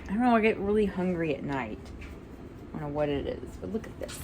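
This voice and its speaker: A woman's voice: expressive, fairly quick, dark tone, slight background noise. A woman vlogging at home at night, chatting casually and laughing at herself. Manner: high baby-talk to her dog.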